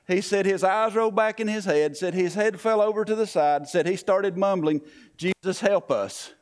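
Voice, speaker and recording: A man's voice: sits high, normal speed, smooth. Folksy man telling a story. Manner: folksy, repeats "he said" and "I went". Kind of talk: storytelling sermon illustration.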